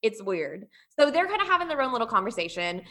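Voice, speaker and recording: A woman co-hosting a podcast, recapping a TV episode in animated, slangy casual chat and laughing often. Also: a little high, fast. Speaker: podcast co-host.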